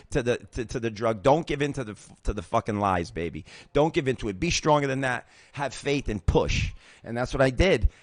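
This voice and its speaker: A man's voice: medium pitch, no echo, clean studio sound. A man in his sixties hosting his own show, sharing a recovery story in an emphatic, pep-talk way, swearing often and restarting sentences. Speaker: host. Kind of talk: personal recovery testimony.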